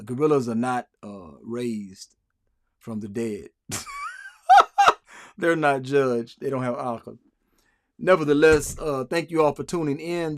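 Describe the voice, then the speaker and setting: A man hosting a live stream, rambling through sarcastic commentary and answering comments from the chat. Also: medium pitch. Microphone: streaming mic.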